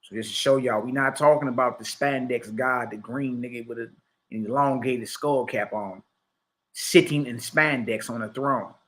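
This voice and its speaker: A man's voice: medium pitch, moderate pace, a bit bright. A man leading a livestreamed scripture study, reading passages aloud and explaining them in casual slang while checking in with his listeners. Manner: reads passages aloud, then paraphrases. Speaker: teacher.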